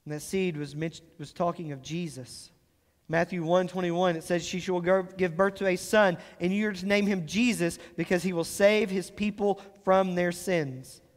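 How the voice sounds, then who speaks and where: High-voiced man preaching in a reverberant church. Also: fairly even intonation. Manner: explains scripture with emphatic rises and slow stressed phrases. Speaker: pastor. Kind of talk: sermon. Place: church sanctuary.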